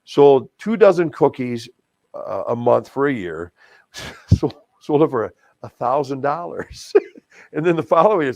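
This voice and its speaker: Older man, gravelly voice, folksy and animated, casual interview chat, dry close sound. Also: mid-range voice, unhurried, dry recording. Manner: folksy, animated storyteller with self-deprecating jokes. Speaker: TV news anchor and charity auctioneer.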